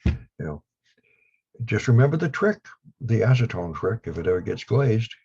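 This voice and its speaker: Deep, husky man with a Down East accent. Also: sing-song, normal speed, darkish tone. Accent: Down East Maine. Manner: rambling, blunt, dry humor. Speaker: guest, lapidary equipment maker. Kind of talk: casual interview over video call. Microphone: video call. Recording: dull lo-fi video call audio.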